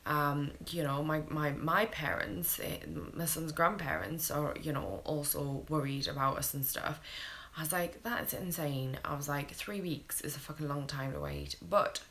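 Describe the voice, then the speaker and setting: Low-voiced British woman telling a blunt story. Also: expressive, moderate pace, fairly bright tone, slight background noise. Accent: British English. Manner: blunt, candid, swears freely. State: tired. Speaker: mother telling her baby's story. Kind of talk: casual storytelling to camera.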